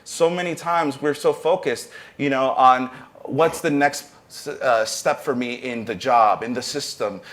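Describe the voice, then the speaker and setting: A man's voice: mid-range voice, unhurried, a bit bright. A man speaking on a panel as a university professor of arts entrepreneurship, earnest and motivational, with brief restarts. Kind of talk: panel discussion talk.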